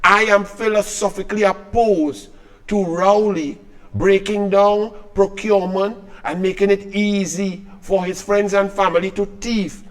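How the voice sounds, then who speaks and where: A man's voice: high voice, steady tone, unhurried. A man with a Trinidadian accent delivering a scornful, combative political commentary rant.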